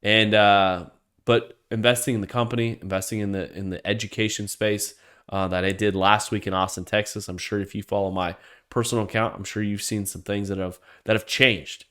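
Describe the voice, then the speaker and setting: A man's voice: lowish voice, little pitch movement, fairly quick, a bit bright, smooth. A man hosting a solo podcast rant, heated and profane, swearing freely and tripping over restarts as he gets worked up. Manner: restarts and repeats words when worked up. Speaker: podcast host.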